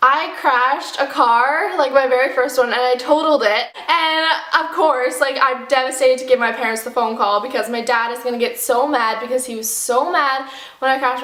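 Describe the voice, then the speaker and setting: A young woman telling a dramatic storytime vlog, acting out the quotes with animated flair. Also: high voice, echoey room. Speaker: vlogger.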